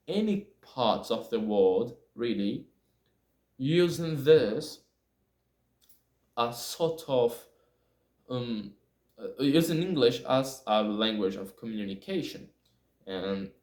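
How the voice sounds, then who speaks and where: Male solo podcaster, second-language English speaker, unhurried and hesitant, recorded in an echoey room. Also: mid-range voice, a little mellow. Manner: halting, frequent fillers and restarts. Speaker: podcast host. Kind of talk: casual solo monologue.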